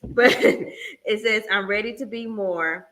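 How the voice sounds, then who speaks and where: A woman in her thirties co-hosting a casual livestream chat, telling a story in a lively, teasing way and acting out quotes. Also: mid-range voice, slow. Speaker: co-host, fiancée.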